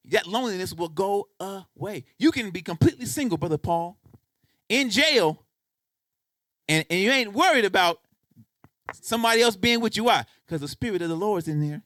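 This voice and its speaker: A man's voice: high-pitched, fairly bright tone, no room sound. A man preaching a sermon as pastor, talking straight to the congregation and pressing his points with repeated questions. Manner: emphatic, repeats "guess what" to drive points home; conversational preaching, addresses congregation directly. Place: church.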